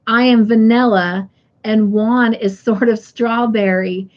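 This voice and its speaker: A middle-aged woman chats at a relaxed, unhurried pace as she hosts a crafting live stream from home. She reads viewer comments aloud and laughs easily. Her voice comes through slightly dull and muffled on the stream audio. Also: a little high. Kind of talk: casual live-stream chat.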